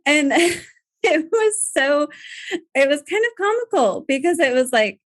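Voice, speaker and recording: Soft-spoken woman in her 30s telling a family story, laughs through tears, dry sound. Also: high voice, big pitch swings, unhurried, no room sound. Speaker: podcast guest. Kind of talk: emotional personal storytelling.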